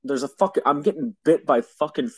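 A man's voice: fairly high pitch, animated, brisk, darkish tone, slightly rough, dry recording. A young man telling a story in casual chat, exasperated and swearing often, with rambling restarts.

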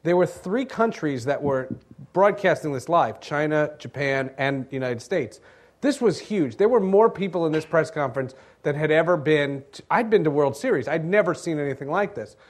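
A high-voiced man swoops up and down as he spins anecdotes as a podcast guest. He talks eagerly and laughs along with his own stories. He is recorded on a theatre stage. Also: animated, moderate pace. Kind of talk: lively podcast storytelling. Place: comedy theatre stage in front of an audience.

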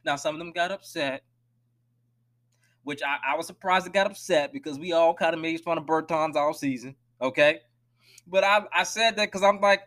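A man hosting a solo sports podcast, talking emphatically and swinging between loud outbursts and hushed asides. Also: fairly high pitch, fairly quick. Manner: direct, addresses listeners as y'all. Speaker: podcast host.

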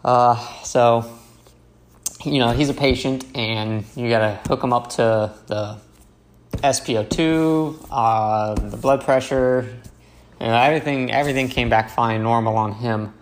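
A young man, a paramedic, casually telling a story in a slow, halting way with many fillers and restarts. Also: medium pitch.

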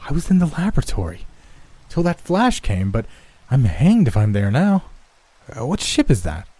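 A man's voice: mid-range voice, wildly swooping pitch, normal speed, mellow, slightly rough, dry recording, pitched above the performer's own voice. A man doing a bewildered, frightened scientist. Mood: confused. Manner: bewildered, rambling. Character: dazed, frightened male lab scientist.

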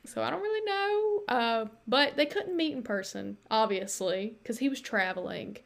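A woman with a fairly high voice tells a story as a podcast host. She talks in a loose, chatty way, full of "like" and "you know". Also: normal speed, creaky. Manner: chatty, animated, many fillers and likes. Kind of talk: casual storytelling chat.

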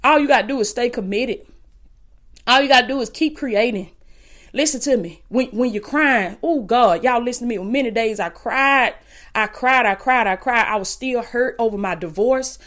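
A woman's voice: on the high side, moderate pace, fairly bright tone. A woman with a Southern Alabama accent preaching fervently on her podcast from home, repeating lines and calling listeners "baby". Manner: impassioned, repetitive, calls listeners "baby".

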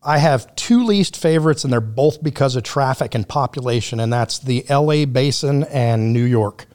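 A man's voice: mid-range voice, moderate pace, a little mellow. A man talking as a podcast guest, telling road stories in a blunt, profane, casual way. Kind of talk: casual conversation.

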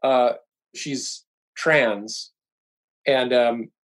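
A man's voice: medium pitch, steady tone, drawn-out words, low-quality recording. A middle-aged man, a podcast guest, telling stories in casual chat and rambling through restarts and fillers.

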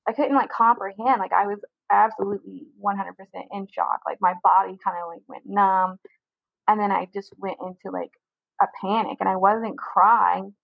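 A young interview guest candidly rambles through a personal story, saying "like" in nearly every line. Her mid-range voice is steady and creaky at a moderate pace, with no echo and a dry, narrow sound like a phone call.

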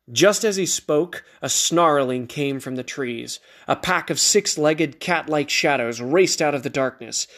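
A man reading a fantasy battle story aloud in a measured, dramatic way. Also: mid-range voice, fairly bright tone.

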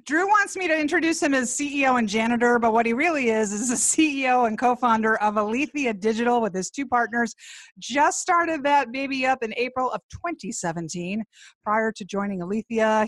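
A woman's voice: on the high side, fairly quick, no echo, clean studio sound. A woman co-hosting a business podcast, introducing the guest in an upbeat way. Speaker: podcast co-host.

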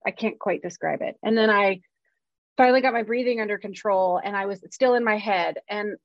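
A woman screenwriter tells candid personal stories in conversation, frank, self-deprecating and swearing freely. Her mid-range voice moves fairly quickly, and the lo-fi recording is dull and dry with no echo.

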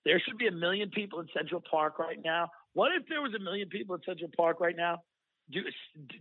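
A man's voice: sits high, expressive, quick pace. A man co-hosting a podcast in casual comedic chat, riffing into profane rants. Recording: thin phone-like line, dry.

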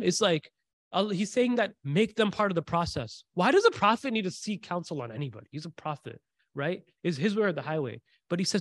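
A man giving a Quranic commentary class, preaching in an animated, conversational way and reciting Arabic verses. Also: fairly high pitch, brisk, dry recording, studio quality. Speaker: religious teacher.

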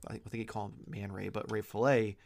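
Gravelly, low-voiced man chatting casually. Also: level tone, a little fast. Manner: stammering, repeats words when starting thoughts. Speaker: podcast co-host. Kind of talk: casual chat.

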